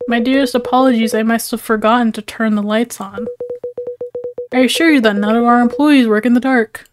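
A woman's voice: on the high side, steady tone, fairly quick, lightly acted. A woman voicing a polite, formal male company boss who has a clock for a head, over game music. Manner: courteous and formal.

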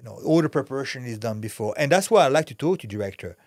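A man's voice: mid-range voice, expressive, fast, a little mellow, no echo, studio quality. Blunt, intense man swearing freely. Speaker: guest, actor and former fighter. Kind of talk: candid podcast interview talk.

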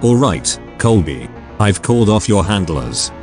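A cold, ruthless male spy handler giving orders, in a synthetic man's voice. The delivery is low and flat in tone yet bounces widely in pitch. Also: a little slow, over music.

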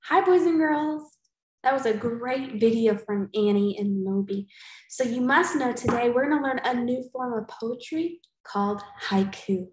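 A woman teacher giving a recorded poetry lesson to young students, cheerful and slow, clapping out syllables and sometimes whispering. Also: fairly high pitch, reverberant, rough recording. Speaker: elementary school teacher.

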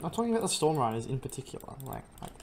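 Excitable Australian man gaming. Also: medium pitch, rapid-fire, noisy background. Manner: excitable, swears, sarcastic banter. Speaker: streamer. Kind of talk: gaming chat with teammates.

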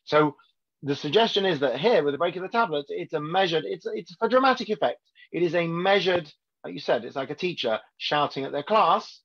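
This rabbi leads a weekly Torah class in an informal, conversational way, often checking in with his listeners. His voice sits on the high side, expressive and fairly bright, moving a little fast. The recording sounds dull and lo-fi.

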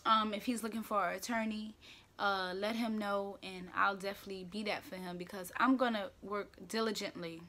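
A woman's voice: mid-range voice, fairly even intonation, normal speed, pushed and bright. A young woman, hosting her own casual talk show from home in a playful, opinionated, slangy way. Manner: chatty, playful and opinionated, with slang and filler words. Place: room at home.

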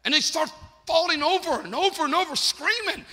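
A male pastor tells a story in his sermon and builds it up to loud shouting. His voice is very high and piercingly bright. It carries a long reverb from a big church sanctuary. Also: expressive, brisk, slight background noise.

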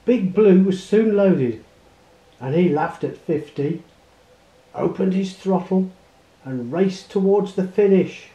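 Male read-aloud narrator, unhurried and lilting, echoey room. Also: sits high. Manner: expressive read-aloud storytelling. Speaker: storybook reader. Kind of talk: reading a children's picture book aloud. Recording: roomy echo.

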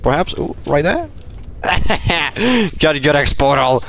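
A man's voice: fairly high pitch, slow, gravelly, slight background noise. A man streaming live gameplay, talking playfully and boastfully to his chat and teammates. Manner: playful, boastful, bursts into laughs and shouts.

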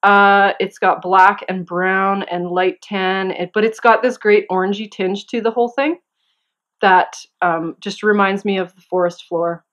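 A young adult woman speaks to camera at a measured pace in a mid-range voice, hosting a knitting podcast from home. The chat is casual and sprinkled with giggles and eager asides, though the audio sounds dull.

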